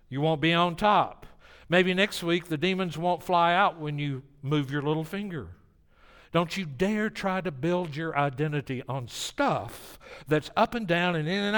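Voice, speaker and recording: A man delivering a sermon in a fairly high voice, dropping to near-hushed solemnity and then rising to emphatic bursts. His words ring out with a long reverb, as in a large hall. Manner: dynamic preaching, swinging from hushed to emphatic. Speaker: preacher.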